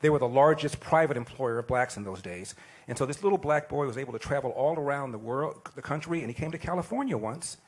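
A man in his sixties giving an animated, plain-spoken storytelling speech. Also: medium pitch, fast, breathy edge. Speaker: speaker at an event.

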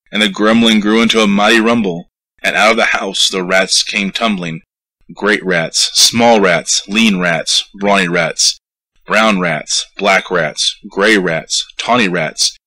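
A man reciting a narrative poem with a rhythmic, lively storytelling delivery. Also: lowish voice, poor audio. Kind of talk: poetry recitation.

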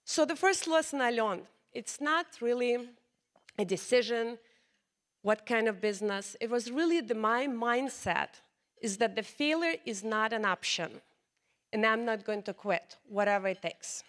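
A woman's voice: a little high, lively intonation, unhurried, a bit bright. Woman giving a keynote. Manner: earnest, determined storytelling with slightly non-native grammar. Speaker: keynote speaker. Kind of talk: keynote speech, personal storytelling.

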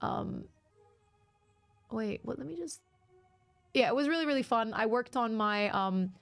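A woman's voice: a little high, animated, unhurried, creaky, faint music behind. A woman livestreamer chatting casually with her viewers, laughing often and reading chat aloud.

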